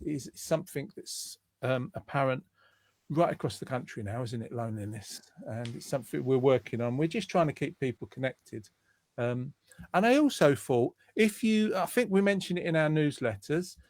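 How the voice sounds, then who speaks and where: A man's voice: medium pitch, darkish tone, no echo, studio quality. A man hosting a casual online chat show over a video call, rambling and teasing, with many hesitations. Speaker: host.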